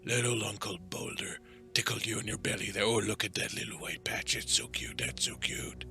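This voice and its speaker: A hulking, grumpy rock troll, put on by a game master grumbles suspiciously in a low, gravelly voice. He turns soft and cooing over a cat, but stays gruff with strangers. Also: steady tone, moderate pace. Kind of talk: tabletop game character voice.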